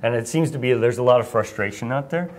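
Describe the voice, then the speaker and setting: A young Iowa man serves as host, chatting casually on stage and asking questions. He speaks quickly in a mid-range voice with a darkish tone, rambling, cracking self-deprecating jokes, and laughing frequently.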